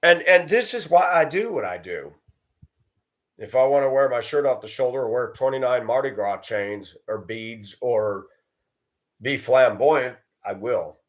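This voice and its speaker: A man's voice: mid-range voice, expressive, measured pace. Blunt rambling man telling stories. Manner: rambling, blunt, with coarse language. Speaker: vlogger. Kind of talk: personal storytelling monologue.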